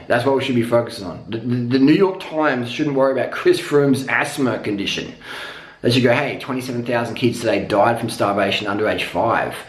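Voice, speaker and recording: Aussie bloke ranting about cycling, swears every other word, blunt and worked up, echoey room. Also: male voice, medium pitch. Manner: profane, blunt, excitable. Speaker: cycling vlogger. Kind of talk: casual ranting vlog.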